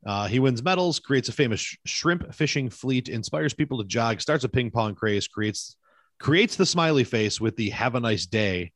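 A man's voice: medium pitch, animated, moderate pace, no room sound, clean studio sound. A man co-hosting a casual movie podcast over a video call, rambling and correcting himself as he talks. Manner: rambling, self-correcting, chatty. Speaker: podcast co-host. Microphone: remote video call recording.

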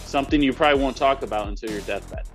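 A man's voice: mid-range voice, fast talker, soft background music. A man in casual conversation, playfully spinning joking hypothetical scenarios for his co-host. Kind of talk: casual chat.

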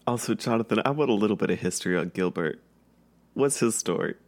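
A man playing in a casual tabletop game, joking and quick with quips about the rules. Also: on the low side, animated. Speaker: player.

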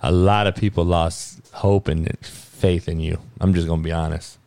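A podcast host ranting about sports and the news, swearing heavily and swinging from low muttering to loud outbursts. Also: male voice, fairly even intonation, moderate pace, no room sound. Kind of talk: profane sports and news rant.

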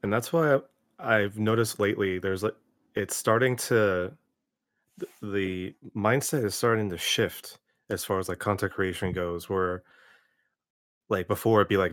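A man hosts a casual interview, thinking aloud in loose, rambling sentences full of restarts. His voice sits fairly low. The sound is dry, with no room echo. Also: normal speed. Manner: relaxed, rambling, many restarts. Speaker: host.

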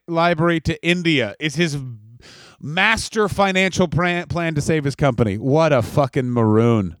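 A man's voice: a little high, expressive, normal speed, fairly bright tone, no room sound. A man co-hosting a podcast in casual chat, swearing freely and riffing into mock announcements. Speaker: podcast co-host.

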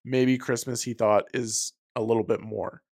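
Young male co-host, mid-pitched, laid-back, swears, slows for emphasis; dry recording. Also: fairly even intonation, a little mellow, no echo. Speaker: podcast co-host. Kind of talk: casual chat.

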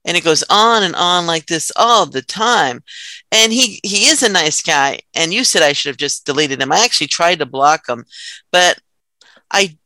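A woman in her fifties co-hosting a dating podcast, telling stories in an animated, chatty way and laughing often. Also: fairly low pitch, normal speed, no echo, poor audio. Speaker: podcast co-host. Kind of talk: casual chat.

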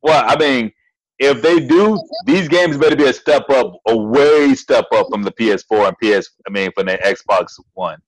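A man co-hosting a casual gaming podcast over a tablet video call, talking in slangy, animated banter. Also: medium pitch, normal speed, no room sound, rough recording. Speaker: podcast co-host. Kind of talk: casual chat.

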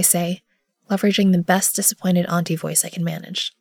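A woman gives first-person narration for an audio drama, measured and often dropping to a hush. Her voice sits a little low and sounds dry and close to the mic. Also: flat delivery, no room sound. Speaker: narrator and lead character.

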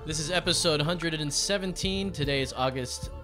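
A man's voice: on the high side, moderate pace, music in the background. Jokey male podcast host. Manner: upbeat, jokey, says "that's right" often. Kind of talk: casual podcast chat.

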